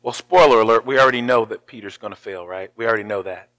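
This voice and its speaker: A pastor preaching a sermon, telling the story with feeling and acting out the lines of the people in it. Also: male voice, lowish voice, quick pace, fairly bright tone.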